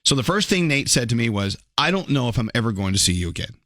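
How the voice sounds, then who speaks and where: A man's voice: mid-range voice, big pitch swings, fast talker, fairly bright tone, no room sound, studio quality. A man hosting a morning radio show, mixing wry teasing jokes with earnest talk. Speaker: radio host. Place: radio studio.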